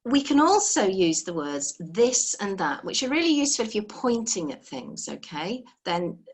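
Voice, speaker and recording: A woman's voice: mid-range voice, big pitch swings, moderate pace, slightly rough. A woman teaching a live beginner language lesson over a video call, patient and encouraging, explaining step by step.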